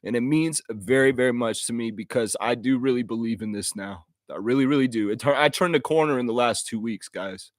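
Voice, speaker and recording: A man of middle pitch speaks from a dry, close mic, sounding emotional and earnest. He talks off the cuff as a live stream host, heartfelt and apologetic, often stopping and restarting his sentences. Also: brisk, few pauses, no echo. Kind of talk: unscripted live stream monologue.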